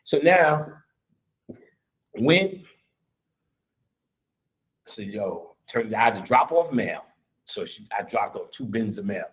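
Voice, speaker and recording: A man giving a casual, profane live lecture, blunt and swaggering, breaking into laughs and shouts as he gets worked up. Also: fairly low pitch, sing-song, takes it slowly, long pauses.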